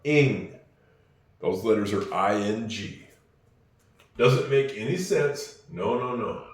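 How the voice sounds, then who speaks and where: Slow, patient male English teacher. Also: fairly low pitch, expressive, echoey room. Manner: slow, patient, repeats phrases for learners. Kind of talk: spoken English lesson.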